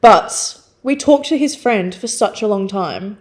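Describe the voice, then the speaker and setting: A young adult woman co-hosting a casual chat, telling a story in a chatty, animated way with lots of fillers. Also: mid-range voice, measured pace. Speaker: podcast co-host.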